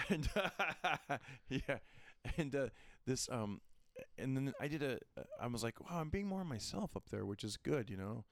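A man's voice: mid-range voice, expressive, a little slow, creaky, no echo. Rambling male comedian telling stories. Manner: rambling, storytelling with quoted voices. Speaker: stand-up comedian. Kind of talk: casual podcast chat.

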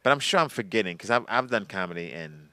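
A male comedian with a low voice that is bright and smooth talks easily about his gigs. He sounds relaxed and laughs freely. The sound is dry and close. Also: quick pace, no echo. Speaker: comedian guest. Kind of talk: casual chat.

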